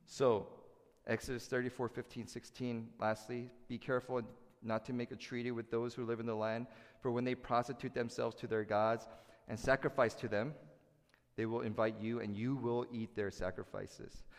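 Pastor type, man, lively pulpit delivery, mid-pitched voice, long reverb of a big hall. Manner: animated, asks the congregation to respond. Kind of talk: sermon.

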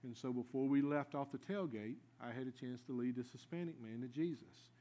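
A man, preaching a sermon in a folksy storytelling way, swinging between loud lively asides and quiet earnest stretches. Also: mid-range voice, brisk.

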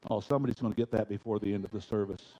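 A pastor preaches a folksy, emphatic sermon in a church sanctuary, swinging between loud, driving lines and hushed ones. His voice is on the low side with a steady tone, he talks at a racing pace, and the recording is rough.

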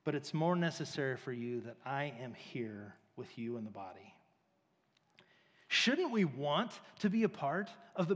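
A man preaching a casual, conversational sermon, telling stories with lots of fillers. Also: fairly high pitch. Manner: casual, filler-heavy, storytelling. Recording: long reverb of a large hall.

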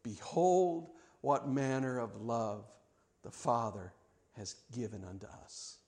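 A middle-aged male pastor preaching a sermon in a church, animated and playful, swinging from hushed lines to loud emphatic ones. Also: medium pitch, takes it slowly.

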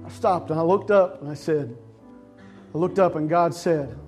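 A middle-aged male pastor telling a personal story in a sermon, acting out voices and sometimes shouting with excitement. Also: a little high, moderate pace, faint music behind. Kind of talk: sermon testimony.

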